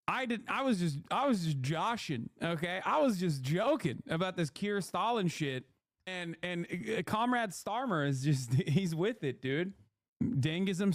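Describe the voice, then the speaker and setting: A man's voice: fairly high pitch, no echo, clean studio sound. A man hosting a stream with casual political commentary, brash and profane, cracking jokes as he talks. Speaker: streamer host.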